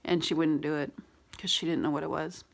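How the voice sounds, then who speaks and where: A woman beauty vlogger with a raspy voice, candidly telling a personal story in a rambling vlog with many fillers. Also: sits low, steady tone, a little fast.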